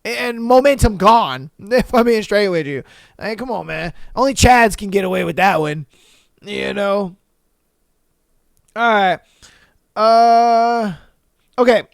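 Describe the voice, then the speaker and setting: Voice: mid-range voice, a little slow, vocal fry, dry recording. A podcast host chatting casually and jokingly on their own, using lots of slang, laughing at their own bits and slipping into exaggerated voices for quotes. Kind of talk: casual solo podcast chat.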